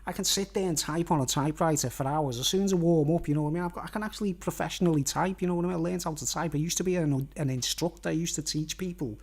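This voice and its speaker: A man's voice: fairly high pitch, rapid-fire, hardly any pauses, a little mellow, husky. A middle-aged man, talking to camera in a meandering monologue that keeps circling back with "you know what I mean". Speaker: vlogger.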